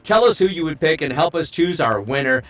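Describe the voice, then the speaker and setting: A man's voice: fairly high pitch, animated, fairly quick, fairly bright tone. A man hosting a voice-acting competition, upbeat and showy like an announcer. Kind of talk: live show hosting.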